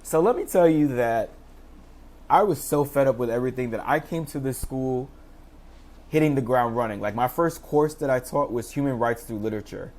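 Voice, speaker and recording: Heard over a video call, a teacher in his thirties, appearing as an interview guest, tells his story in lively casual speech at normal speed. He's animated, acting out the people he quotes with pitch jumps.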